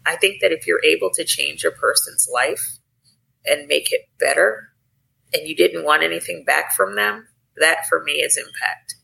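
Woman guest, earnest storyteller, gravelly bright tone, measured delivery. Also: low voice, low-quality recording. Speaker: guest, sports team executive. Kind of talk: interview storytelling.

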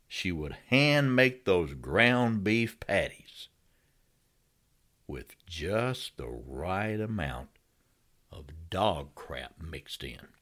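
A man co-hosting a podcast, telling stories wryly with dramatic pauses. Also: low-pitched, sharp tone. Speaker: podcast co-host. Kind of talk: casual chat and storytelling.

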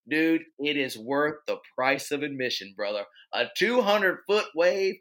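A man's voice: a little high, sing-song, unhurried, few pauses, sharp tone. A man co-hosting a casual movie chat, telling his stories in an enthusiastic, rambling way. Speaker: podcast co-host.

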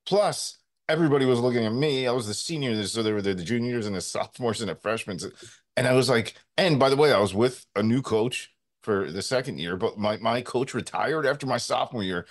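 A man in his thirties co-hosting a sports talk show, telling stories in a rambling, animated way with many fillers. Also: medium pitch, a little fast. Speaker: sports radio co-host.

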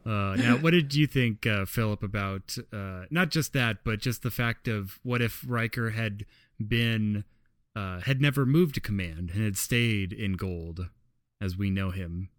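A man's voice: lowish voice, a little slow, no echo, clean studio sound. A man hosting a casual podcast chat, steering the topics and adding teasing humor. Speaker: podcast host and moderator.

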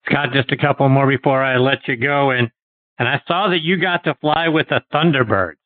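A man of middle pitch hosts the interview, asking brief, plain questions. His voice sounds tinny and phone-like, with a dry, close sound. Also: fairly quick, dry recording. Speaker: host.

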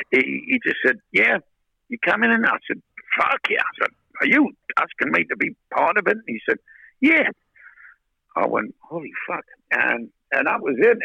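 An older man, telling a lively anecdote as an interview guest, swearing freely and acting out the voices in his story. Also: on the high side, dry recording, low-quality recording. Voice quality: gravelly, husky. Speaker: guest, rock singer.

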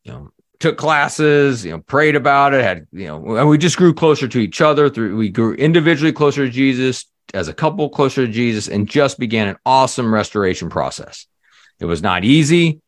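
A man, a leadership coach guest on a podcast, telling a story in a lively conversational way, full of "you know" fillers and acted-out quotes. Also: mid-range voice, fairly quick, no echo, clean studio sound.

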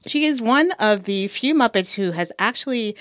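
Woman, podcast co-host, casual chat, playful, lively pitch, dry studio sound. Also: normal speed, dry recording. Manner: playful, animated storytelling.

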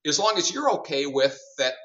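A middle-aged executive on a podcast, talking through his career with lively storytelling. He plays out both sides of each conversation. His voice is bright and forceful, recorded a little off the mic with a dull, muffled sound. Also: on the high side, fairly quick, far from the mic. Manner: animated storyteller, acts out dialogue. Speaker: guest, company CEO.

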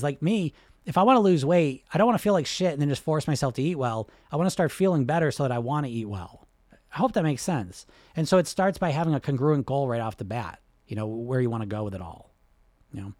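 A man coaching on weight loss and hypnosis in a casual, animated talk, often swearing and asking "right?". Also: mid-range voice, dry recording, clean studio sound. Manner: animated, swears freely, many fillers like "right?".

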